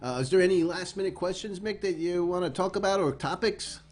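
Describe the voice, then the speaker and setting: A man hosting a laid-back online show over a video call. His voice sits somewhat high for a man. He jokes around and laughs easily. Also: fairly quick, darkish tone, soft background music. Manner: jokey, laughs often. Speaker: host. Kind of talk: casual chat.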